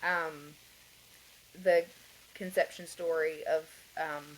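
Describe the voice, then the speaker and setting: A woman's voice: low-pitched, fairly even intonation, slow, slight background noise, low-quality recording. A woman guest on a podcast, earnestly telling her personal story in a rambling way, with many fillers and light laughs. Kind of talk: conversational interview, personal story.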